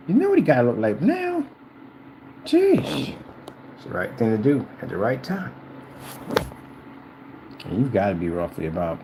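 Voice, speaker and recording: A man's voice: fairly low pitch, dark tone, a little hiss or hum, poor audio. A middle-aged man ranting to camera as a vlogger, rambling and repeating himself while addressing a rival directly.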